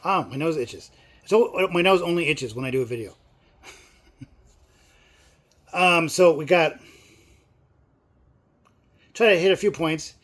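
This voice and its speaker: A middle-aged man vlogging in a casual, rambling way, full of fillers and sudden excited outbursts. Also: fairly high pitch, takes it slowly, long pauses. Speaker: movie vlogger. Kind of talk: casual chat.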